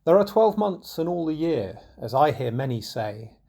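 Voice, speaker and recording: A man narrating an old folk tale in a measured, unhurried storybook reading. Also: on the high side, sing-song, creaky, mellow.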